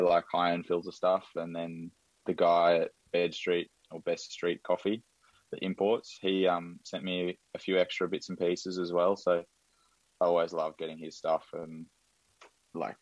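Deep-voiced man, rambling and enthusiastic. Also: no echo, muffled recording. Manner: rambling, filler-heavy, enthusiastic. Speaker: podcast guest. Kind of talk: casual chat.

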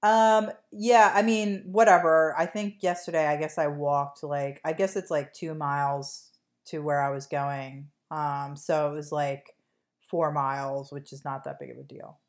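Low-voiced woman with an accent, rambling. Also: fairly even intonation, measured pace. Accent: non-native English accent. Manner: rambling, filler-heavy, joking. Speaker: podcast co-host. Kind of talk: casual chat.

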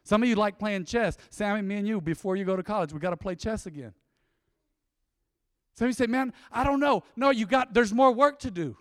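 An emotive male pastor preaches energetically in a high, bright voice at normal speed, jumping between loud bursts and hushed asides. His voice sounds close and dry, trailed by a long hall reverb.

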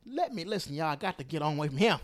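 Man, podcast host, political monologue, emphatic, repetitive, animated pitch. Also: very fast. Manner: emphatic, repeats phrases for stress, swings between loud and hushed.

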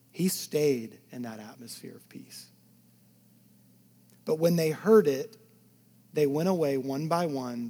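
This male pastor's sermon has a medium-pitched, creaky voice that alternates between loud emphasis and near-whispered hush. Along the way he chats informally with the congregation.

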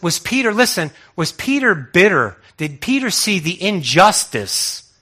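A man's voice: a little high, pushed and bright. A man preaching a sermon in a conversational way, asking many rhetorical questions and often restarting his words.

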